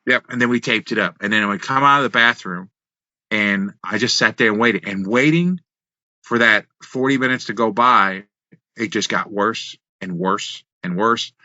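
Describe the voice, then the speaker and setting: A man, a former wrestler, telling road stories in an animated way on a podcast, full of restarts and quoted dialogue. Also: lowish voice, moderate pace, no echo, dull audio. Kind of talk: casual storytelling in a podcast interview.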